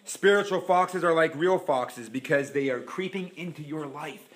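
A man preaching a sermon in a church, animated and dramatic, acting out the voices he quotes. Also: fairly high pitch, normal speed, slight background noise.

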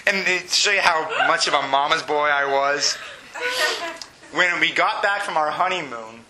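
A man's voice: fairly high pitch, moderate pace, a crowd in the background, poor audio. A middle-aged man preaching a sermon, earnest and personal, building to fervent emphasis. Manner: personal storytelling with laughs. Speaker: pastor.

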